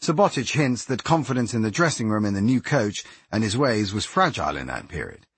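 Male narrator, husky and low, lively intonation, dry close read. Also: fairly quick, no echo. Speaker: audiobook narrator. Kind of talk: scripted narration.

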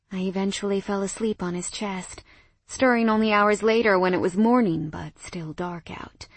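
In a dry recording, a young woman narrates a romance audiobook told in the first person. Her medium-pitched voice stays soft and intimate and often slips into a whisper.

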